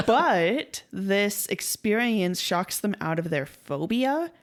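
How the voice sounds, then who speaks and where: A woman's voice: medium pitch, expressive, extremely slow. A young woman co-hosting a casual podcast, retelling a story in a chatty way, acting out quotes and laughing easily. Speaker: podcast co-host.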